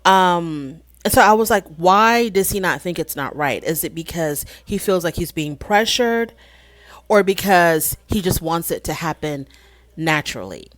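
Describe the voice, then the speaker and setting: A chatty woman with a slightly low voice recaps a reality show in a relaxed, conversational way, slipping into quick impressions of the people she quotes. Her voice is close and dry, with no room sound around it. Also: dry recording. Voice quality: frequent fillers and restarts, rhetorical questions. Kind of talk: casual commentary recap.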